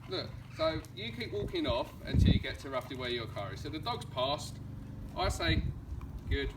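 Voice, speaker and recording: With an Essex accent and a slightly high voice at normal speed, a man coaches dog training on a street during a home visit. He stays calm and gives the dog short commands, heard via distant outdoor camera audio with background noise.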